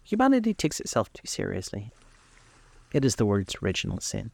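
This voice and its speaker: A man's voice: lowish voice, huge pitch swings, brisk, vocal fry, darkish tone, husky, no echo, heavily acted. A man voicing a witty, languid young aristocrat who talks in drawling epigrams.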